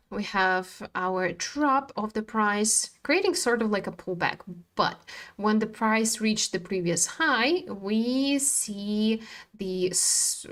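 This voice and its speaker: A woman hosts a trading livestream, chatting with viewers and speaking frankly, with profanity, about how tired she is. Her voice is a little high with a fairly bright tone.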